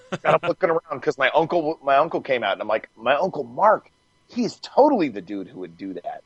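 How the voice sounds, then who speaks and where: A man guest on a podcast, telling stories in a casual, animated way, swearing freely and laughing as he goes. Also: a little high, fairly quick, breathy edge, no echo, lo-fi sound. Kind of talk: casual storytelling.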